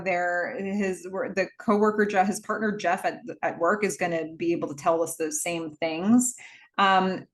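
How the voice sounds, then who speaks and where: Chatty woman recapping a film. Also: medium pitch. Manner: rambling, wry, lots of fillers and restarts. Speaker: movie recap host. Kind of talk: casual movie recap.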